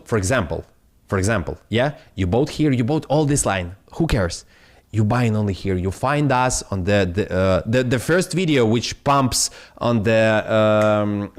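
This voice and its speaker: Excitable Ukrainian-accented male streamer. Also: medium pitch. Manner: excitable, swearing, broken English. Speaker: crypto stream host. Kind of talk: live stream commentary.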